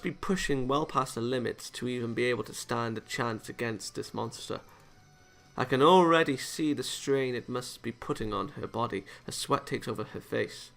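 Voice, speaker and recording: A man's voice: mid-range voice, moderate pace, gravelly, fairly bright tone, soft background music. A young man reading a visual novel aloud as a let's-play host, casual, with jokey asides and small stumbles.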